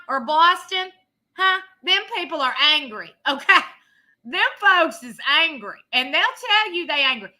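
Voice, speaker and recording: A woman's voice: very high voice, bright, forceful tone. Blunt, sassy woman streamer in her thirties. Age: 30s. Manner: blunt, sassy, laughs often. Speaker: livestream host. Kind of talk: casual live commentary.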